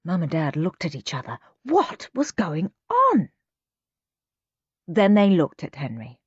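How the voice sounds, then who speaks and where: A woman reading a children's storybook aloud, expressive and playful. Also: lowish voice, unhurried, husky, dry recording. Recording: muffled lo-fi recording.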